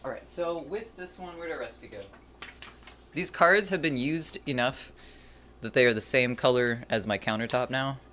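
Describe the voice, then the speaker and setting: Rambling through a cooking stream, the host chats casually with viewers and jokes about their own mistakes with self-deprecating humor. Their medium-pitched voice is fairly bright, moving at a moderate pace, with a little hiss or hum in the audio.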